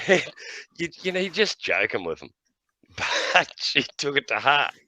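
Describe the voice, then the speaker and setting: A man's voice: fairly high pitch, very animated, a little slow, bright, forceful tone, dry recording. A middle-aged man telling blunt, profane stories in casual chat, often laughing between lines. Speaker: podcast host.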